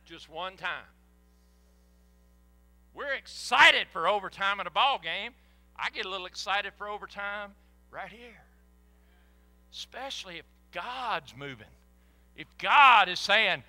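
Bright, whooping older preacher. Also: male voice, high-pitched, unhurried, pauses often, soft background music. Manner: animated, folksy, with sudden whoops. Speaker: pastor. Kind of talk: sermon. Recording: echoey hall.

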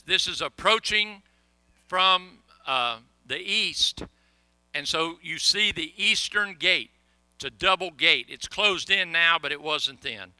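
A man's voice: a little high, bright, forceful tone, smooth, no room sound. A middle-aged male pastor preaching a sermon in a conversational, storytelling way, often restarting his sentences.

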